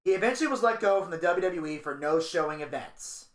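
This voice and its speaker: A man's voice: high-pitched, fast talker, reverberant, slight background noise. A man co-hosting a podcast, telling stories in casual chat, swearing freely and acting out what people said. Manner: animated storyteller, swearing, acts out quotes. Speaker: podcast co-host.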